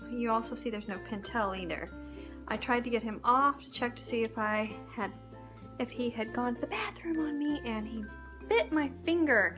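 A cheerful woman with a high voice chats to the camera as she shows off her home and kitchen. She talks in a casual, friendly vlog style. The home video has music playing clearly under her voice. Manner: chatty, cheerful, talking to camera while doing chores. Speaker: vlogger. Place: family home, indoors.

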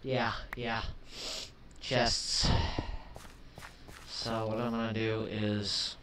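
A young man giving let's play commentary, chatting calmly and then flaring into shouted rage at the game, often swapping swears for milder words. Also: on the low side, extremely slow. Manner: swaps swears for mild substitutes. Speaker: gaming commentator. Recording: distant mic with faint hiss.

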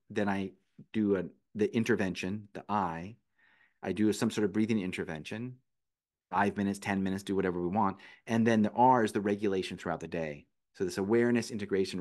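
A man who teaches meditation and breathing, a podcast guest patiently explaining his methods step by step in conversation. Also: fairly low pitch. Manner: patient, explanatory, walks through steps one by one.

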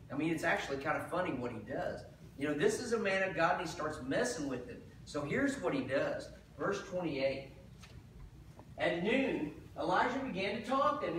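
High-voiced guy preaching, animated storyteller with casual asides, super echoey church, mic kinda far off. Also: a little hiss or hum. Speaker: pastor. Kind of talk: sermon. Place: church sanctuary.

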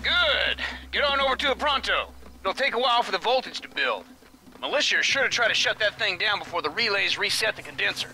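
A man's voice: high voice, sing-song, fairly quick, bright, forceful tone, a little hiss or hum, heavily acted, low-quality recording. An actor playing a laid-back male sidekick in a video game, talking in folksy slang. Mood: easygoing. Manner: folksy slang, easygoing drawl.

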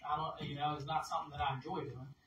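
Guy preaching, folksy and chatty, bright voice, echoey room, mic far off w/ faint hiss. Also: fairly high pitch, flat delivery, fast, lo-fi sound. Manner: chatty, folksy, laughs between phrases. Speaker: minister. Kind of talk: anecdotal sermon.

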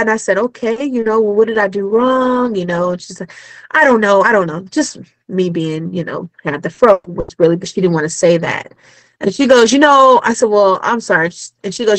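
Animated Caribbean-accented woman telling stories. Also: mid-range voice, normal speed, no room sound, poor audio. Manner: animated, acts out quoted dialogue. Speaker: guest. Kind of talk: casual storytelling chat. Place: Los Angeles.

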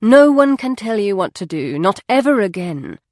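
A woman voicing a calm, loyal male confidant who speaks in a soft, measured, reassuring way in an audiobook. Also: medium pitch, no room sound, studio quality, natural voice.

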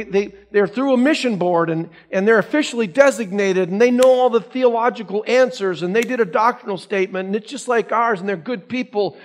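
A man, a pastor, teaching an adult Sunday school class, asking the class questions and reading scripture aloud. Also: very high voice. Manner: asks the class rhetorical questions.

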